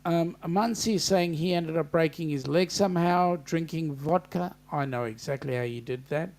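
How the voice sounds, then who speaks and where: A man's voice: on the high side, normal speed, a little mellow. An Australian man hosting a casual live-stream chat, reading out viewer comments and bantering with them, with frequent ums and restarts. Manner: hesitant, many ums and restarts.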